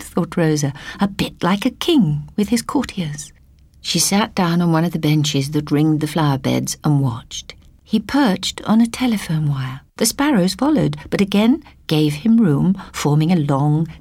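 Breathy woman narrator, half whispering. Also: on the low side, no room sound. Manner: soft, hushed, unhurried reading. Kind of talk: storytelling, partly whispered.

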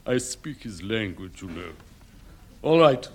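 An actor playing an overwrought romantic hero in a comedy sketch, with a theatrical, swooning delivery. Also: male voice, on the low side, very animated, unhurried, creaky, a little mellow, slightly rough, exaggerated voice. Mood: melodramatic. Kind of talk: parody melodrama acting.

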